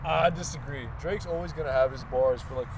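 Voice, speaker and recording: A young man co-hosting a podcast in an easygoing way, spinning stories and laughing along. His voice sits at an ordinary middle pitch, with faint noise in the background. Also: fairly quick. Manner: relaxed storyteller, laughs often. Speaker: podcast co-host. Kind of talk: casual chat.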